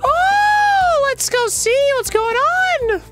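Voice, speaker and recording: A woman's voice: extremely high pitch, sing-song, normal speed, loud music behind the voice, exaggerated voice. A woman voicing a bossy, teasing schoolgirl best friend in a casual fan dub of a dating game, in a mocking, dramatic manner.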